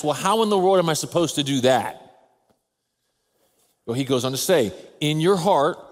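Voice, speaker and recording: A man, a father of a toddler, preaching a sermon in an earnest, measured way with slow, emphatic pauses. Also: a little high. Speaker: pastor. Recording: long reverb of a large hall.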